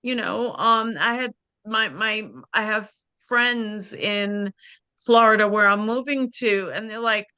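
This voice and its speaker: A woman coach with a bright, crisp voice, talking at an unhurried pace as she shares candidly in a women's support circle. She speaks conversationally with plenty of "you know" and "like," close and dry over a video call. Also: mid-range voice, steady tone, dry recording.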